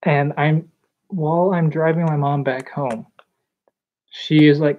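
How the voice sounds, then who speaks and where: A young woman telling a personal story in a vlog, hesitant and halting, with nervous laughs. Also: sits low, fairly even intonation. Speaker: vlogger. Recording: slightly dull lo-fi recording.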